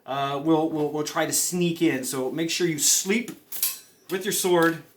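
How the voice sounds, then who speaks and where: Guy with a kinda high voice rambling thru fake-serious survival tips, lots of uhs and restarts, comedy bit. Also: unhurried, slight background noise. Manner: rambling, with many fillers, stammered restarts and deadpan conspiracy talk. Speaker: comedy vlogger. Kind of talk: mock-serious survival advice monologue.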